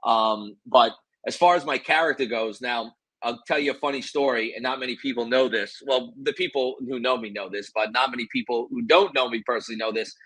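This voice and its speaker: A man's voice: medium pitch, fairly quick, a bit bright, no room sound, low-quality recording. Boastful storytelling man, dry close sound. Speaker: guest, former pro wrestler. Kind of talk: casual interview storytelling.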